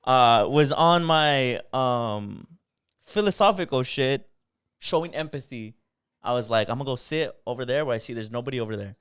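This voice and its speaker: A young man co-hosting a podcast, telling a story in a casual, animated way and swearing a lot. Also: mid-range voice, moderate pace, smooth, no room sound, clean studio sound. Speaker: podcast co-host.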